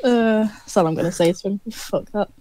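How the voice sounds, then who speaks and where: A woman's voice: mid-range voice, normal speed, crowd noise. A woman playing a tabletop game, talking in a giggly, playful way. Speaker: player. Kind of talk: casual tabletop game play.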